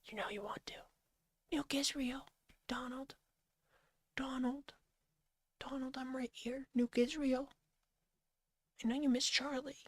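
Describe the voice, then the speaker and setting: A woman voicing a sly male shoulder devil in a whispered role-play, pleading and coaxing in a high, breathy whisper. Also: steady tone, a little slow, long pauses, dry recording, studio quality.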